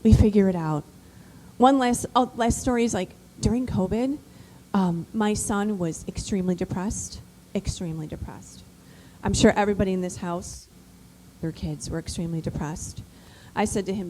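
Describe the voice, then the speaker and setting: Brief: fairly high-voiced woman, emphatic storyteller addressing mothers. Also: moderate pace, slight background noise, poor audio. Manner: animated, emphatic, repetitive. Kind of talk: motivational storytelling speech.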